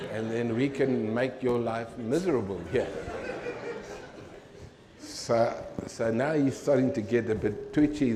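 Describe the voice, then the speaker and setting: An older man, giving a humorous, animated storytelling talk to an audience as a keynote speaker. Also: mid-range voice.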